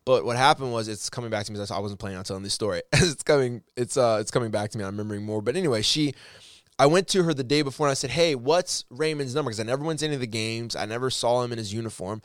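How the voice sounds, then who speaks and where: A man with an average-pitched voice recorded close and dry, with no room sound. He tells a story in a loose, earnest way, often restarting and correcting his sentences. His tone leans encouraging as he speaks to his audience. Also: rapid-fire, no echo. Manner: rambling, with frequent restarts and self-corrections. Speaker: storyteller addressing viewers. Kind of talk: casual heartfelt storytelling.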